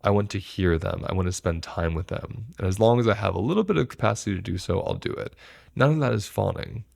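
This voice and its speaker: Low gravelly man explaining calmly. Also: fast. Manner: reflective, explains with everyday examples; earnest, speaks from personal experience. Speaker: educator on stress responses. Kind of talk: teaching talk to camera.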